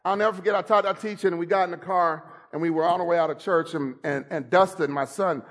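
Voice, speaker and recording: A man with a notably high voice preaches a sermon in church. He tells humorous stories, teases his listeners directly and rises into loud shouts to drive his points home. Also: fast. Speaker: pastor. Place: church service.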